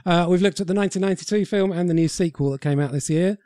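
A man's voice: sits high, rapid-fire, mellow, no room sound. Dry-humoured man hosting a film podcast. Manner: dry, sweary banter. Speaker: podcast host. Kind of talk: casual film discussion.

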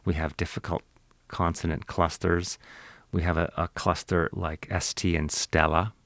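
A man's voice: low voice, little pitch movement, measured pace, fairly bright tone, no echo. A man who is an accent archive expert, explaining in an interview in a lecturing manner.

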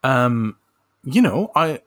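A man joins the podcast over a remote call as a guest, and his voice sits at an average pitch for a man. He delivers his jokes deadpan and mock-serious, and his delivery stays dry throughout. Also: takes it slowly. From Scotland. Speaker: podcast guest, author and social researcher. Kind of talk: casual comedic chat.

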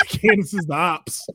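A man's voice: sits high, very noisy. A man co-hosting a comedy podcast in a studio, teasing and laughing often in casual banter. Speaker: podcast co-host.

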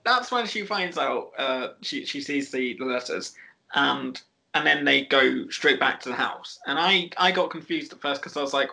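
A woman co-hosting a casual film podcast, with a bright, forward voice. She recaps the plot in a rambling way, full of ums and restarts. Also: very deep voice, animated, normal speed, creaky, rough recording. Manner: rambling plot recap with frequent fillers and laughs. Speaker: podcast co-host.

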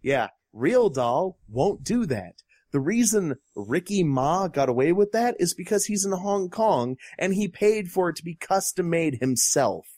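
Animated, sarcastic man ranting. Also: sits high, measured pace, no echo, studio quality. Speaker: podcast co-host. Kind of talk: casual ranting commentary.

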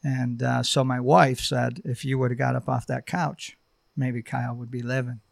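A middle-aged man sharing a personal testimony on a podcast, halting and heartfelt, with many fillers. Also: mid-range voice, level tone, creaky, dry recording, clean studio sound. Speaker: podcast guest.

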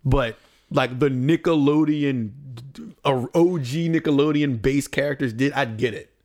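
Animated young man in casual chat. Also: mid-range voice. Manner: animated, swears casually, quick laughs. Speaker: podcast co-host, streamer.

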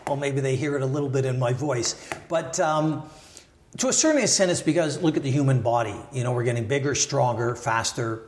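An older Canadian man, a former Olympic wrestler and sports lawyer, is a podcast guest reflecting on his views in a roomy, echoey room. His medium-pitched voice is animated and fairly quick, full of thoughtful hedging, restarts, and asides.

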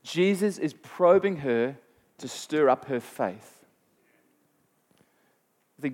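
A man delivering a sermon in a somewhat high voice. He retells a scripture story with animated rises in his voice and plain-spoken asides to his listeners. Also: takes it slowly, pauses often. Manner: animated storytelling, voice rising sharply when quoting scripture. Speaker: preacher.

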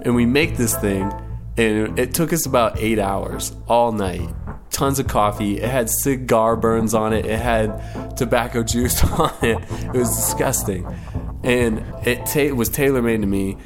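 A man's voice: medium pitch, measured pace, music in the background. A man in his late twenties casually telling a personal story in a laid-back, rambling way, correcting himself as he goes. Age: 20s. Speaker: storyteller guest.

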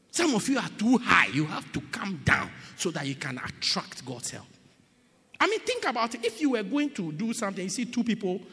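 A high, lively man preaches in a long-reverb hall, his bright, husky voice leaping from shouts to hushed whispers. He teases his listeners playfully. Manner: swings from shouting to near-whispering, playful and teasing. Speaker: bishop preaching. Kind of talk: sermon. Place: church hall.

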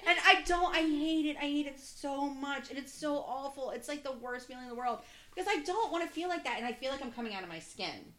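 A woman's voice: high-pitched, a little fast, echoey room. A woman in her early forties chatting casually, ranting with lots of swearing. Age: 40s. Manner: profane, animated ranting. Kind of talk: casual chat.

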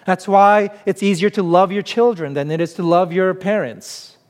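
A man with a high-pitched voice delivering a sermon as a pastor. He talks in a conversational, emphatic way and leans into plain everyday examples. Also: normal speed, a little mellow. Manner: conversational, emphatic preaching with self-deprecating humor.

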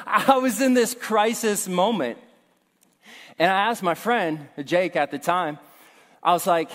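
A man's voice: high-pitched, slow pace, pauses often, fairly bright tone. A young man preaching a sermon, telling stories and acting out voices with humorous asides. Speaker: pastor. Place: church hall. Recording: long hall reverb.

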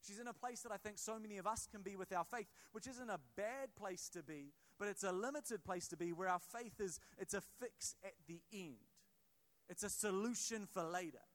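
A high-pitched man preaching in a church, talking with his congregation rather than at it. He stumbles through restarts and tosses in quick asides as he explains a passage. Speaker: pastor. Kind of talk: sermon.

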